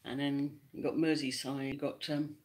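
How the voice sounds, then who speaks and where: A woman's voice: rumbling low, little pitch movement, moderate pace, a little mellow. A woman co-hosting a casual livestream chat, explaining things at length in a chatty way and laughing often. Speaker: livestream co-host.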